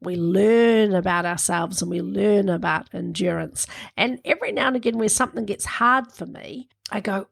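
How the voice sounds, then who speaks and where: A woman in her fifties with a gravelly, husky voice. She co-hosts a podcast in easy casual chat, thoughtful and quick to laugh. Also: medium pitch. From New Zealand. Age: 50s. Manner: chatty, laughs often, reflective. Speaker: podcast co-host.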